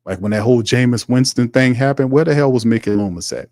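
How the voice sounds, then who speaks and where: A man's voice: mid-range voice, fast, a little mellow, no room sound, clean studio sound. A man hosting sports commentary, ranting heatedly and repeating his points. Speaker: host.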